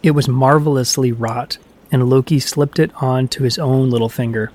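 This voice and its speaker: Man narrating a myth in a measured voice. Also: mid-range voice, steady tone, a little mellow. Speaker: storyteller.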